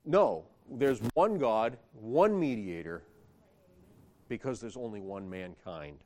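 A man's voice: fairly low pitch, animated, slow, darkish tone, a little hiss or hum. A man preaching a sermon, reading scripture aloud and building emphasis as he explains a Bible passage.

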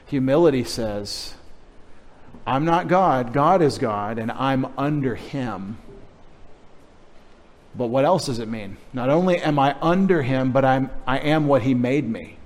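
A middle-aged pastor preaching a sermon, teasing and coaxing the children in the congregation. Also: male voice, medium pitch, a little mellow.

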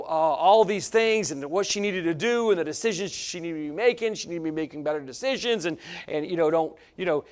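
A middle-aged man, a pastor, preaching a sermon in a folksy, plain-spoken way that swings from shouts to quiet asides. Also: high voice.

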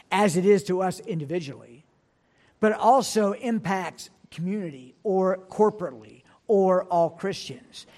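High-voiced man preaching earnestly. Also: darkish tone. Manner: earnest preaching, reads scripture aloud, slows for emphasis. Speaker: pastor. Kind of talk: sermon.

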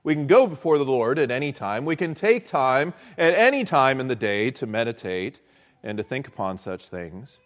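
A man preaching a sermon as pastor, earnest and measured, repeating key phrases for emphasis. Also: mid-range voice, big pitch swings.

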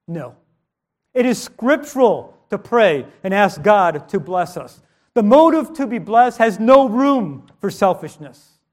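A man preaching a sermon with strong emphasis, rising and dropping his voice, with modest asides. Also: sits high.

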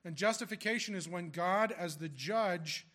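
A man's voice: high-pitched, normal speed, a bit bright. A man preaching a sermon as a pastor, explaining scripture in a conversational way with rhetorical questions to the congregation.

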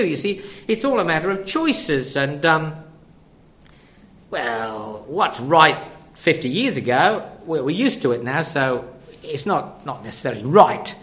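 A man's voice: on the high side, very animated, unhurried, a bit bright. An older man preaching a sermon, conversational and full of rhetorical questions.

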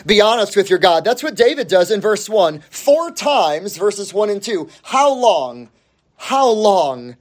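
A man's voice: sits high, lively intonation, normal speed, hardly any pauses. A man preaching a sermon as pastor, emphatic and repeating his key phrases for weight.

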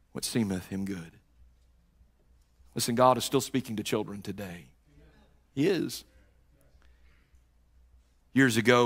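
A man preaching a sermon, telling a Bible story dramatically and acting out the characters, swinging from loud to hushed with repeated words and restarts. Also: medium pitch.

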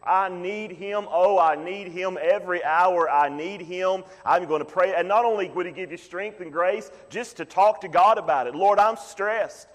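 Man, pastor, emphatic sermon, fairly high voice, long church reverb. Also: moderate pace, hardly any pauses. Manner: emphatic preaching, swings from loud pleading to low quiet asides.

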